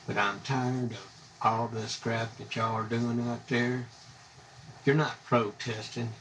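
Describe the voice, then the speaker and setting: Gravelly man ranting live. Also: medium pitch, a bit bright, distant mic, rough recording. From United States. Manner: blunt, indignant, rambling. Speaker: live streamer. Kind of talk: angry live-stream rant. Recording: voice a bit off-mic, faint background hum.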